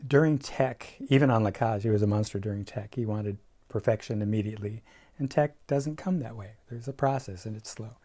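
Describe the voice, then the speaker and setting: A man's voice: on the low side, fairly quick, dark tone. Man recounting theatre memories emphatically. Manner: vivid storytelling, emphatic recollection. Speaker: guest recalling theatre production. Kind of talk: casual anecdotal conversation.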